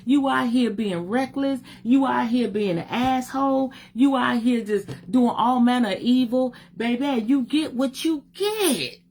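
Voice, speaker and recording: A woman's voice: fairly high pitch, measured pace, few pauses, a little mellow, slight background noise. Emphatic preachy woman spiritual teacher. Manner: emphatic, preachy, slangy and direct. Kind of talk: livestream motivational talk.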